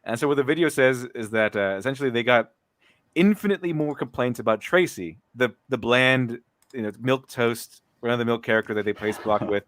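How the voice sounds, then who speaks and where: A man's voice: mid-range voice, brisk, fairly bright tone, no echo. Guy hosting a chat show, rambly and mocking, dry close mic. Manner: rambling, frequent restarts, mocking. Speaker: podcast host. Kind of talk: casual commentary chat.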